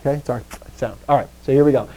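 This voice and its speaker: A man's voice: mid-range voice, racing, dark tone, low-quality recording. A man teaching an adult Greek class, leading the students through call-and-response recitation drills in an upbeat manner.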